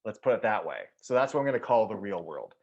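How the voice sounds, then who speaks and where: A man's voice: fairly low pitch, sing-song, fast talker, gravelly, darkish tone, dull audio. A man co-hosting a casual movie podcast, rambling through thoughts with lots of restarts, fillers and casual swearing. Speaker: podcast co-host.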